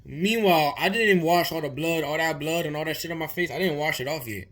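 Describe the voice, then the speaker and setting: A man's voice: on the high side, fast, fairly bright tone. A young man vlogger telling a long story in a casual, rambling way, full of swearing and repeated words. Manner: rambling, profane, repeats himself.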